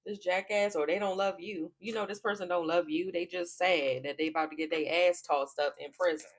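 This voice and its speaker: A woman's voice: fairly low pitch, steady tone, brisk. A woman giving a casual tarot reading to camera, blunt and profane, often cracking up laughing. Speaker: tarot reader.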